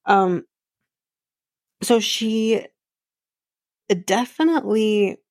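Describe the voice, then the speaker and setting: A woman's voice: medium pitch, animated, drawn-out words, darkish tone, no room sound, clean studio sound. A woman hosting a podcast, recapping a reality show in a blunt, sarcastic, swear-heavy way and laughing often as she talks. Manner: laughs often while talking. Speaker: podcast host.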